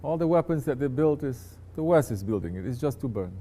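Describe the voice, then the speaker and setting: A man's voice: medium pitch, animated, a little fast, warm tone. A man, a sheikh, teaching his disciples in a conversational sermon, often turning to ask listeners if they understand.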